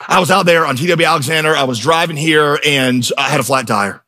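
A man's voice: on the high side, a little fast, bright, forceful tone. A middle-aged man preaching a sermon in a church, emphatic and storytelling, building to intense peaks. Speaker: pastor.

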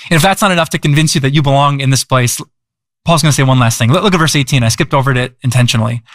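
A man's voice: mid-range voice, racing, fairly bright tone, dry recording, clean studio sound. A man preaching a sermon as pastor, conversational, repeating words and asking the audience questions. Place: church.

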